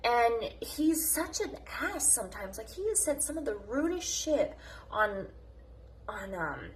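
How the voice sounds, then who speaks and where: A woman's voice: on the high side, sing-song, a little slow. A woman delivering a passionate, unscripted morning rant as a mom vlogger. She is blunt, combative and full of swearing, and she jumps from topic to topic.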